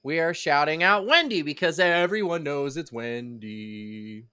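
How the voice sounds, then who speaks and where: A woman hosting a podcast in casual chat, playful and quick to laugh, close on a studio microphone. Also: sits low, animated, background noise. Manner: giggly, playful. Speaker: podcast host.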